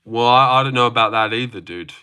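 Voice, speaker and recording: A man's voice: mid-range voice, fast, pushed and bright, clean tone. A young man hosting a casual live stream from his phone, joking, swearing now and then and answering chat comments.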